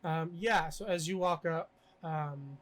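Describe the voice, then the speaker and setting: A young man narrating as game master in a tabletop game, casual and halting with many fillers. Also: on the high side, a bit bright, low-quality recording.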